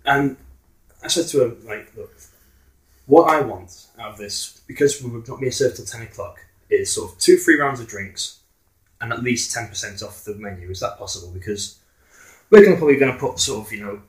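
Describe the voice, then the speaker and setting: A man's voice: medium pitch, moderate pace. Indignant man telling a story, roomy sound. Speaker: podcast co-host. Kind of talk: casual chat. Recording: roomy echo.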